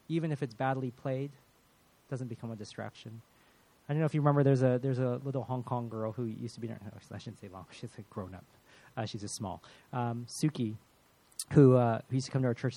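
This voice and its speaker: A man's voice: medium pitch, mellow. A man preaching a sermon as pastor, earnest and prayerful, often repeating words as he speaks.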